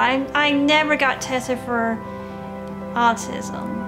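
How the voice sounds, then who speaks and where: A woman's voice: sits high, steady tone, slow, loud music behind the voice. A young woman from Tennessee answering interview questions in earnest, simple short replies with playful asides, in a casual chat while baking. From Tennessee, USA. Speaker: interview guest.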